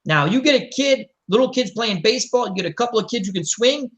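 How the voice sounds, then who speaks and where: A middle-aged man hosts a casual chat, telling animated, rambling anecdotes and mimicking voices. He has a very high voice and talks at a quick pace.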